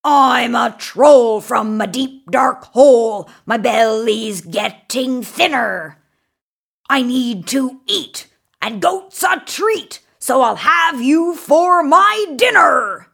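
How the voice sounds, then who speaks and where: A woman's voice: on the high side, monotone, drawn-out words, few pauses, a bit bright, voice pushed up. A woman voicing a big, hungry, hairy male troll in a storybook reading, roaring and singing his threats. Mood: sing-song. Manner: roaring, sing-song threats.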